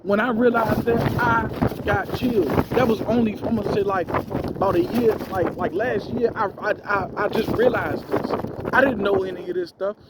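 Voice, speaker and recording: A man with a high-sitting voice speaks at normal speed through heavy background noise. He shares a spiritual testimony in a casual, slangy style, calling his listeners "bro."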